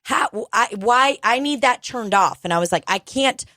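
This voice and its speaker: A woman's voice: a little high, lively intonation, pushed and bright, no room sound. Young woman, casual podcast co-host, blunt and profane, dry close sound. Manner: candid, swearing, talks fast when quoting herself. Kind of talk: casual chat.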